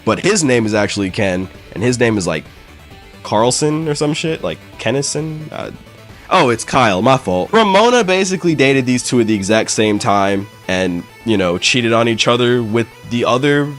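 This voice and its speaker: A man's voice: medium pitch, sing-song, moderate pace, fairly bright tone, soft background music. A man recapping a story in a casual, slangy, profane way. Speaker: comic book summarizer.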